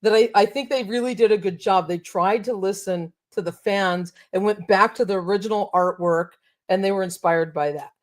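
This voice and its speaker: A woman's voice: mid-range voice, moderate pace. A woman co-hosting a casual chat, talking with enthusiasm and many fillers. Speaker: co-host of toy show.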